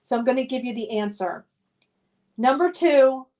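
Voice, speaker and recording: Hosting a live stream, a middle-aged woman reads viewer comments aloud and answers in a nostalgic, upbeat manner, using lots of fillers. Her voice sits high and warm, at normal speed with frequent pauses.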